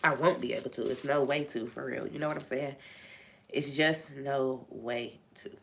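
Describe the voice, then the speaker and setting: A woman's voice: extremely low pitch, steady tone, moderate pace, creaky. A woman hosting a faith talk on a live stream, venting frankly and swearing freely.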